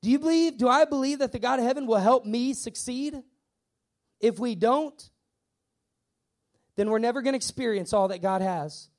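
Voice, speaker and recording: A man's voice: extremely high pitch, moderate pace, long pauses. A man pastor preaching a sermon, emphatic and repetitive, with stammering acted asides.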